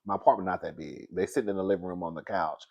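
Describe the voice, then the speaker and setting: A man casually telling a story to his viewers, animated, laughing often and calling them "girl". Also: sits low, very fast, creaky, muffled recording.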